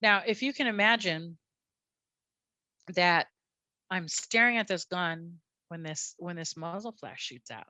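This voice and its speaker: A woman police officer telling her story as a guest, animated and blunt, often repeating her words. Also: lowish voice, a little slow, pauses often, dry recording. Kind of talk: candid personal storytelling.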